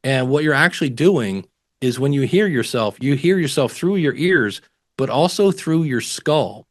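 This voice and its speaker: A man talks casually as a guest on an interview show, handing out practical advice. He is animated and slips into little voices when he quotes other people. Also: medium pitch, normal speed. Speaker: podcasting guest expert.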